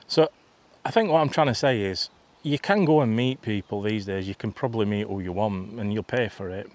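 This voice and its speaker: A man's voice: fairly low pitch, a little fast. A man, telling a rambling, chatty story for his vlog outdoors. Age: 50s. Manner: rambling, chatty, full of restarts and asides. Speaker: vlogger. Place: outdoors in a field.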